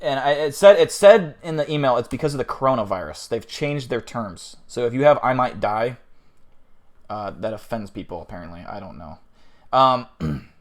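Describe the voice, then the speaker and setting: A man's voice: mid-range voice, expressive, moderate pace. A man live-streaming, chatting casually to his viewers in a rambling, profane, self-deprecating way, flustered and feeling overheated. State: flustered after eating something awful.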